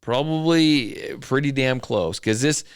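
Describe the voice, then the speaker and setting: A man's voice: medium pitch, takes it slowly, clear, resonant tone, dry recording, studio quality. A man hosting a casual podcast chat, rambling wryly and listing things off. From southern Idaho. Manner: rambling, wry, lists things off. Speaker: podcast host. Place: home studio.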